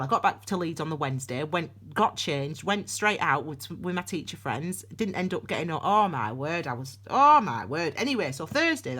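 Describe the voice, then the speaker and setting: A woman's voice: on the low side, fairly bright tone, breathy edge. A woman giving a casual, rambling tarot reading, with frequent restarts and asides. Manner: chatty, rambling, with many restarts and voiced asides. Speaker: tarot reader.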